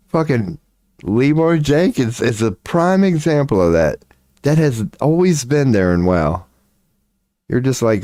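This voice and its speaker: A man's voice: lowish voice, animated, measured pace, warm tone, no room sound, studio quality. A man hosting a livestream, chatting casually and rambling with swearing and laughter. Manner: profane, laughing, rambling storyteller. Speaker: livestream host.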